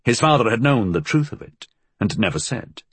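A man reading a novel aloud as an audiobook narrator, measured and expressive. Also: mid-range voice, husky, dry recording.

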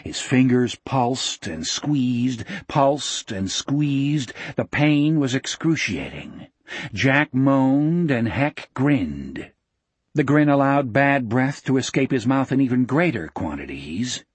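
A man narrating an audiobook in a steady, measured storytelling manner. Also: mid-range voice, husky, no echo.

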